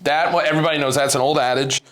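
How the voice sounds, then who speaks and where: A man's voice: a little high, steady tone, very fast, loud music behind the voice. A man hosting a casual snack-tasting video, joking and complaining in an exaggerated way. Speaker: channel host tasting snacks.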